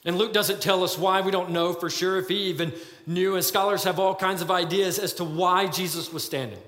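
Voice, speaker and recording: Pastor, male, high-pitched and bright, earnest pleading preacher, echoey hall. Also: fairly even intonation, brisk. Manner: earnest, pleading, with many fillers. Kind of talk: sermon.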